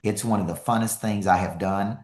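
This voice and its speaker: A man giving an energetic, emphatic live motivational talk as a speaker and coach, repeating key lines for effect. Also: lowish voice, fairly quick, reverberant.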